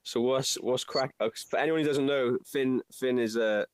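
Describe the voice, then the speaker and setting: A man's voice: medium pitch, steady tone, moderate pace, smooth, dry recording. A man hosting a casual livestream chat, laid-back and swearing freely in banter. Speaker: host.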